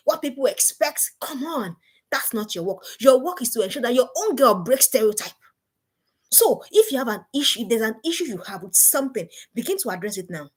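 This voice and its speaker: Emphatic woman with a husky voice. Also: a little high. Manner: emphatic, repeats rhetorical questions. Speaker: parenting speaker. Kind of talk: motivational talk to parents.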